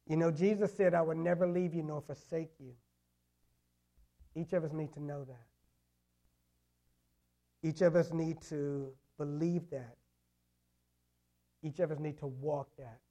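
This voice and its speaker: A man's voice: on the high side, steady tone, a little slow, long pauses, dark tone. A man preaching a sermon in a conversational way, full of "you know" fillers and repeated phrases. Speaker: pastor.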